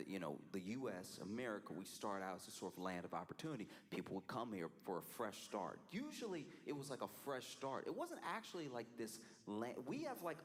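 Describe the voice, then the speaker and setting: A man chatting casually on a live stream, talking in an animated way with frequent laughs and playful voices for the people he quotes. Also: on the low side.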